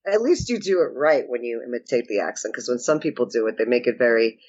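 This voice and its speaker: Emphatic New woman, muffled sound. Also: a bass voice. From New York. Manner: animated, emphatic, quick to tease. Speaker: podcast co-host. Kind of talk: casual podcast chat. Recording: slightly dull, muffled recording.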